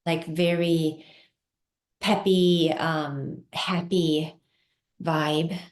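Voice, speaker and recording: A woman's voice: low voice, level tone, extremely slow. A woman talking as a guest skating analyst in casual, enthusiastic chat, with frequent fillers. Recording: roomy echo.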